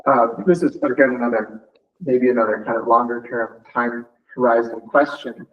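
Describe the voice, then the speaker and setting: A man on a committee sets out a long, thoughtful question at a measured pace. His voice comes from a distance in a roomy meeting space. The sound is dull and muffled. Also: medium pitch, fairly even intonation. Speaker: committee member.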